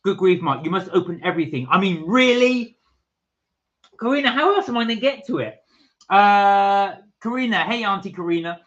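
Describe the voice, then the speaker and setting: A man's voice: sits high, lively intonation, brisk, a bit bright, muffled recording. A man co-hosting a casual live stream from England, chatting and reading viewer comments aloud.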